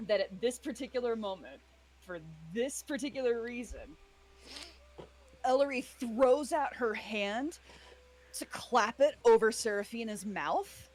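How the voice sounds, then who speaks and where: A woman playing a tabletop role-playing game, telling her character's actions in a flustered, giggly way. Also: fairly high pitch. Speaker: player. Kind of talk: tabletop role-play over voice chat.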